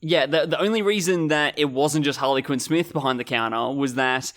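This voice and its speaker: A man's voice: on the high side, a little fast, a bit bright. A man co-hosting a podcast, chatting casually about films, laid-back and theorizing, with some hesitations. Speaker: podcast co-host. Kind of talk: casual film discussion.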